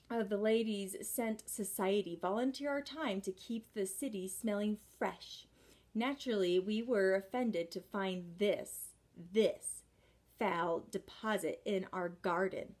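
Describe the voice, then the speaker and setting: A woman's voice: medium pitch, a little mellow. A woman reading aloud and voicing a fussy, overbearing society lady who talks in a sugary, prim way. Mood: gushing. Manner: sugary and prim, drawn-out endearments.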